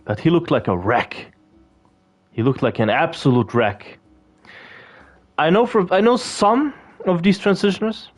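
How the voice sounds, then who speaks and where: Fairly high-pitched and a little slow, this gaming video creator pauses often as he talks through his gameplay. It's loose, casual commentary full of swearing, fillers and false starts.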